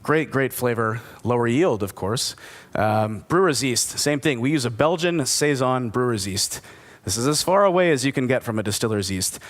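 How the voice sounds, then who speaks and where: A man's voice: mid-range voice, expressive, moderate pace. A man giving a conversational conference presentation, enthusiastic and asking his audience questions. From United States. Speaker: distillery speaker at a whisky forum.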